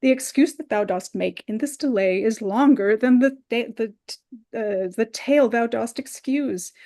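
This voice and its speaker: A woman's voice: fairly high pitch, moderate pace, dark tone, close to an everyday voice. Woman reading an impatient young girl in love. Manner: urgent, pleading, rising exclamations. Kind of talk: Shakespeare play reading.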